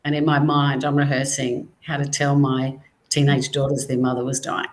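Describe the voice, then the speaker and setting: A middle-aged woman, a guest on an interview show, telling her personal story in a measured, reflective way with pauses. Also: rumbling low, level tone, rough recording. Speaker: guest, cancer survivor and author.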